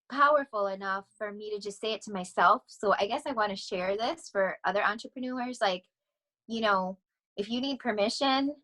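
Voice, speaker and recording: A middle-aged woman talking casually as a podcast guest, rambling and animated, often laughing as she speaks. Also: on the high side, rough recording. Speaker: podcast guest, vocal coach. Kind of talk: casual interview chat.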